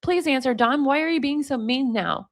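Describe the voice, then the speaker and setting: A woman reading out the texts of a needy, anxious young woman pleading with her boyfriend, in her own plain, fairly high voice. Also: normal speed. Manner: pleading, repetitive.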